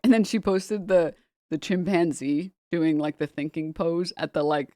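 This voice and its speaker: A woman's voice: fairly low pitch, normal speed, mellow, no echo, clean studio sound. A woman streamer chatting casually, reading posts aloud and swearing a lot as she laughs.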